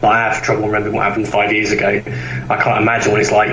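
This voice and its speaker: A man's voice: on the low side, completely flat delivery, very fast, sharp tone, roomy sound, distant mic, soft background music, low-quality recording. A man who publishes comics, talking casually on a podcast and rambling with lots of fillers and restarts.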